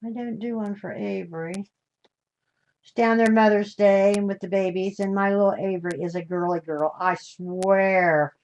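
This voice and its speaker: An older woman with a gentle lilt talks her way through a live craft demonstration. Her voice sits at a middle pitch, and her homey, rambling manner mixes in warm greetings to her viewers. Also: steady tone, moderate pace, dull audio. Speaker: craft show host.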